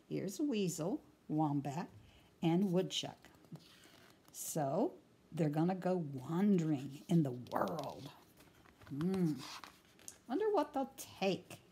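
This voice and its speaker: A woman teacher reads a picture book aloud to young children, pausing for asides to her listeners. She takes it slow, with a lively, swooping delivery and a breathy voice. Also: fairly low pitch.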